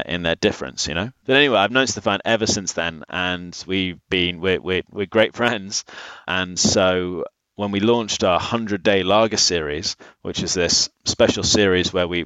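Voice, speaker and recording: A man's voice: deep voice, dry recording, low-quality recording. A man who runs a brewery, talking casually in an interview and telling stories with many restarts. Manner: animated storyteller, many restarts. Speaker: brewery founder.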